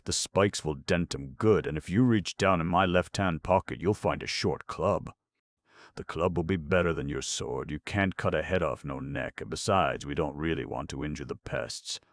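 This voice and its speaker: A man's voice: rumbling low, normal speed. A man voicing a pompous, elegant male elephant who grumbles and blusters. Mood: bold. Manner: grumbling, haughty.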